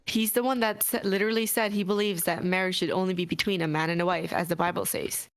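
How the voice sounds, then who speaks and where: A woman co-hosting a live stream, talking in an animated, emphatic casual way. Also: mid-range voice, quick pace, slight background noise. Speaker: co-host. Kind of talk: casual chat.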